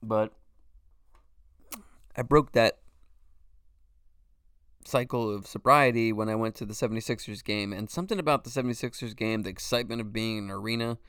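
A man's voice: fairly low pitch, a little fast, long pauses, a bit bright, clear, resonant tone, no room sound, clean studio sound. A man in his forties hosting a podcast alone, talking in a loose, rambling way, swearing freely and saying "you know" a lot. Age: 40s. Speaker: podcast host. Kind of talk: casual solo monologue.

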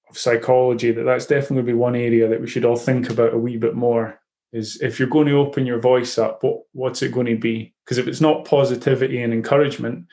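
Male host, coach type, mid-pitched, thoughtful and stop-start. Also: a little mellow. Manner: reflective, halting with frequent restarts. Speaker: podcast host and football coach. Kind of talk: casual interview.

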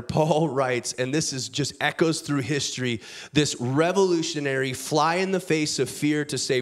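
A man preaching a sermon, reading scripture aloud, with big swings between loud, lifted passages and quiet, low asides. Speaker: pastor.

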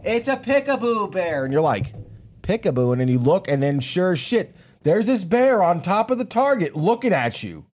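A man's voice: fairly high pitch, big pitch swings, normal speed, few pauses, darkish tone. A man co-hosting a podcast in casual chat, telling stories in a profane, rambling way. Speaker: podcast co-host.

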